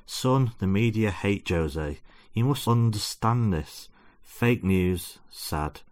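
A man's voice: lowish voice, expressive, takes it slowly, darkish tone. A man reading aloud as a pompous, self-deluding football-obsessed father lecturing his son. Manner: preachy, lecturing.

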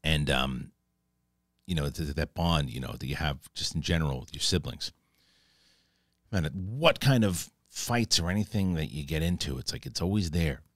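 Male host, low voice, dry close sound; casual, profane, excitable recap of a TV episode. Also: moderate pace, dry recording. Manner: profane, excitable retelling with acted-out quotes. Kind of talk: casual spoken TV episode review.

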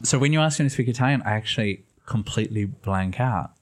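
Guest: man, low voice, mild Australian accent with a blend of American and English, rambling and self-deprecating. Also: fast talker. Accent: mild Australian, shifted toward American and English. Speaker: podcast guest. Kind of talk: casual interview chat.

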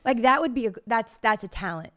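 A woman's voice: fairly high pitch, lively intonation, brisk. A woman co-hosting a podcast in casual chat, laughing often as she talks. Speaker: podcast co-host.

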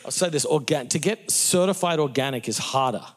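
A middle-aged man from Australia with an Australian accent, a pastor answering interview questions in an animated, preacherly way, often restarting sentences and laughing at his own jokes. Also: fairly high pitch, a little fast. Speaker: pastor, guest.

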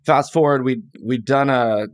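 The guest author, a middle-aged man from California, tells his stories loosely and unhurriedly in an interview, with frequent restarts and quoted lines. His voice is medium-pitched, captured in clean studio sound without any room sound.

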